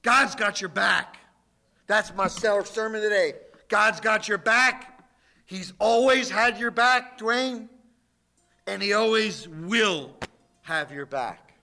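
High-voiced, slow, emphatic male preacher. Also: creaky. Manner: emphatic, slow preaching with dramatic swings in loudness. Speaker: pastor. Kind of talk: sermon.

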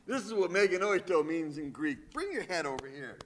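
A male pastor preaching a sermon, reading scripture and stressing points with sudden swings from loud to quiet. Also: fairly high pitch, expressive, slight background noise. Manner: emphatic, slow preaching with dramatic swings in loudness.

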